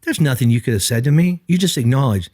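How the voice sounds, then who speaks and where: Talking fast, a middle-aged pastor reflects earnestly in a podcast conversation. He is animated, and his ordinary pitch swings up and down whenever he performs what others said, all captured in a dry, close recording with no echo.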